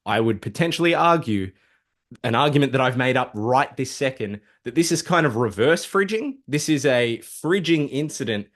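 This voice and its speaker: A man casually recapping a dark comic book story, swearing freely and throwing in sarcastic asides. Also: mid-range voice, lively intonation, moderate pace. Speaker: comic book video host.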